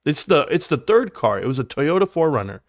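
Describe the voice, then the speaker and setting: A man spins a long story on his livestream with a very lively pitch that leaps up whenever he acts out what someone said. He rambles and then drops into quiet low asides. The sound is close and dry, with no room echo. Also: brisk. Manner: animated, jumps high in pitch when acting out quotes. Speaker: livestream host. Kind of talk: casual storytelling.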